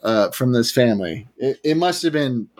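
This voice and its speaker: A man's voice: medium pitch, animated, moderate pace. A man telling a story in a casual podcast chat, swearing freely, laughing often and acting out the people he quotes. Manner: profane, laughing, acts out quoted voices loudly. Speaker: podcast guest.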